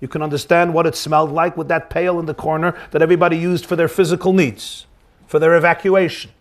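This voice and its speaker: A devout Hasidic rebbe, as a rabbi voices him in a story, pleading earnestly through his distress. His voice sits fairly high and speaks with a heartfelt, pained sincerity. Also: flat delivery, quick pace, lightly acted. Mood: anguished.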